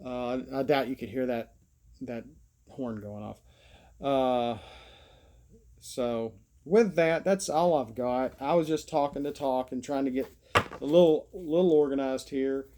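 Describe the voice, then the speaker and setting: A man's voice: medium pitch, a little slow, warm tone. A man with an Alabama Southern accent, rambling through a folksy, meandering vlog monologue. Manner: meandering, folksy, self-deprecating. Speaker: vlogger.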